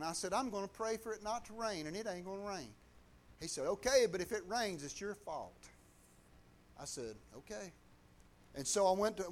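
A man with a Southern US accent tells a testimony story in a high, light voice. His talk is folksy and colloquial, and he briefly takes on other people's voices as he tells it.

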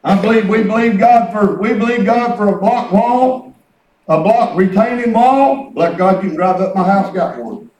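His voice is high with a darkish tone, moving at normal speed through a homespun sermon full of meandering tales, testimony, and outbursts of praise. The mic sits far off in a room with noticeable echo.

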